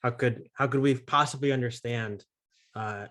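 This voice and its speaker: A man's voice: mid-range voice, fairly even intonation, normal speed, a bit bright. Male podcast host, casual and affirming, conversational setup of questions. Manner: affirming, frequent backchannels, friendly reading aloud. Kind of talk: casual interview hosting.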